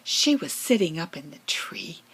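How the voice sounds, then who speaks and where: A woman voicing a friendly, vain female fox who tells a children's story in a whispered role-play, with a slow, breathy manner. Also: lowish voice, sing-song, fairly bright tone, heavily acted, rough recording. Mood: gentle, hushed.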